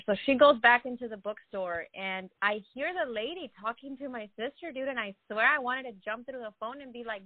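A young woman telling a story in casual chat, slangy and quick to swear. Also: a little high, no room sound. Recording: dry, tinny phone-line sound.

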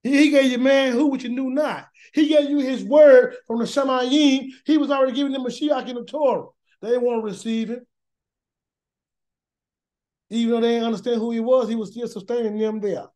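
A Bible teacher runs a weekly Torah study as a casual sermon, speaking briskly in a steady, slightly mellow voice that's high for a man. His language is informal, with "y'all" and "gonna" sprinkled in. He preaches with emphasis, repeating himself as the point grows and asking questions only to answer them.

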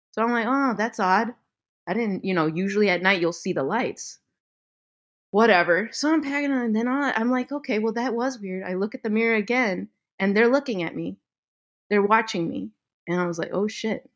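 A young woman podcast host telling a story in a casual chat, animated and laughing often, with some swearing. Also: mid-range voice. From Midwestern United States.

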